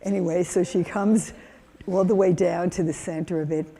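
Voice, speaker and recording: An older woman from the United States delivers a keynote with animated energy, acting out children's voices in her stories. Her voice is mellow and warm rather than bright. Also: lowish voice, moderate pace. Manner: animated storytelling, acts out kids' voices. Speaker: keynote speaker. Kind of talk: lively conference talk.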